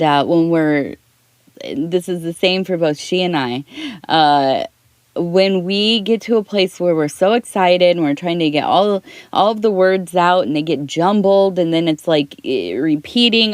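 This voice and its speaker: A middle-aged woman giving a soft-spoken ASMR tea leaf reading, rambling and talking in circles, close to the mic. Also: lowish voice, animated, measured pace, no room sound. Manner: rambling, talks in circles with restarts.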